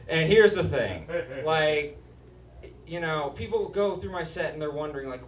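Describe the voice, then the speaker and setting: Whiny high-voiced stand-up comedian. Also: male voice, lively intonation, normal speed, a little hiss or hum. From Utah. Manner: whiny, nasal comic delivery, rising to shouts. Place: live comedy stage before an audience. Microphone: stage microphone. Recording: roomy live-venue sound, mic a bit distant. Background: audience laughter.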